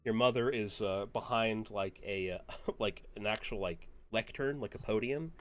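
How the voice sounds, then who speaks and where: A man's voice: fairly low pitch, moderate pace. A man narrating as game master of a tabletop game, rambling with lots of fillers. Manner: rambling, full of fillers and laughs.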